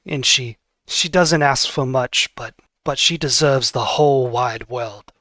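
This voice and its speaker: A man's voice: medium pitch, pushed and bright, no room sound. Man playing a tender ghost father, once a rogue. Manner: fond, halting, fatherly. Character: ghost father, old roguish thief, tender.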